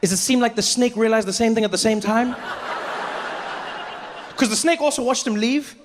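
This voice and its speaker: A man performing a stand-up comedy story, animated, with punchy asides and lots of voices. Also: very high voice, brisk, noisy background.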